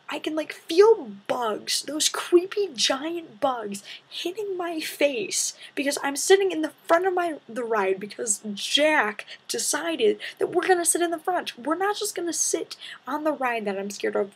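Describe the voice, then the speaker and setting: A teenage girl telling a story to her vlog audience in a lively, dramatic way, with whispered asides. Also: high-pitched, unhurried. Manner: animated, dramatic retelling with breathy asides. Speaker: vlogger. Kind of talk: casual storytelling to camera.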